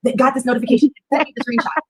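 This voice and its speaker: A woman hosting a casual stream, telling a gossip story in a rapid, insistent way and piling on details. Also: sits high, fairly even intonation, over a noisy crowd, poor audio.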